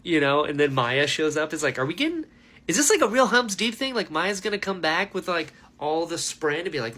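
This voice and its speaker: A man giving a casual, animated book reaction, ranting with lots of fillers. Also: sits high, normal speed. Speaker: book reviewer.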